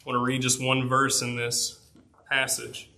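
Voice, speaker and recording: A man preaching a sermon to a congregation, earnest and emphatic, rising in volume on key points and dropping low on others. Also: completely flat delivery, normal speed, vocal fry, pushed and bright. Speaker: pastor.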